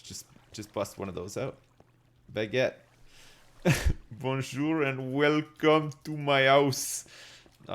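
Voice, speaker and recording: Slow-talking man joking with chat. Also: on the low side, fairly bright tone, a little hiss or hum. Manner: joking, rambling, talks to chat. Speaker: livestreamer. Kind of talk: casual live-stream chat while gaming. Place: home gaming setup.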